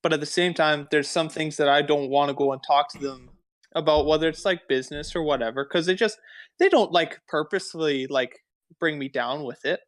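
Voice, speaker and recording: A man's voice: a little high, a little fast. A man co-hosting a casual podcast, laid-back and ending points with "right?". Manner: laid-back, many fillers and "right?" tags. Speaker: podcast co-host.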